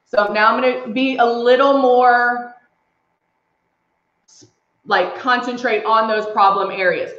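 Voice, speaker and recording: A woman's voice: on the high side, steady tone, slow pace, pauses often, a bit bright. Chatty woman demoing makeup live. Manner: chatty, talks through each step while reading viewer comments. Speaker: makeup demonstrator on a livestream. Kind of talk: casual live makeup tutorial. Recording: echoey room, slightly dull sound.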